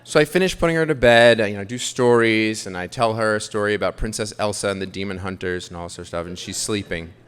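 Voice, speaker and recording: A man's voice: lowish voice, fast, few pauses, a bit bright, smooth. A man in his thirties from Queens, telling a confessional, self-deprecating story on stage. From Queens, New York. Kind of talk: live storytelling. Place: theater stage. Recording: long hall reverb.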